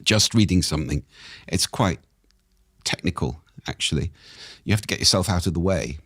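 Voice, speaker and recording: A man, a speaking expert and podcast guest, explaining things in a measured way with examples, his voice a little croaky. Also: sits low, fairly bright tone, dry recording, studio quality. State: slightly croaky. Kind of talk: explanatory interview talk. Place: podcast studio.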